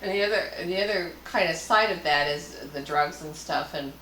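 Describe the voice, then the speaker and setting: A woman's voice: deep voice, normal speed, fairly bright tone, slight background noise. A woman co-hosting a casual chat, mostly chiming in with short remarks of agreement. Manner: brief, agreeing interjections. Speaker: co-host. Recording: roomy sound with music behind.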